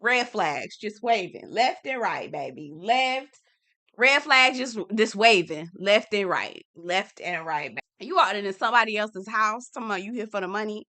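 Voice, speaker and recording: A woman's voice: medium pitch, expressive, moderate pace, sharp tone. A woman with a Southern US accent giving a sassy, dramatic recap of a reality TV episode, talking straight to her viewers. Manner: sassy, dramatic, laughs often, talks to viewers.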